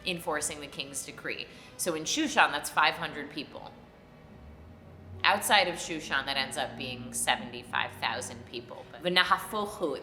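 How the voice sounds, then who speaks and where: A woman rabbi, a bit tipsy, retelling an old story as comedy and jumping into loud voices for the characters. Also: lowish voice, roomy sound.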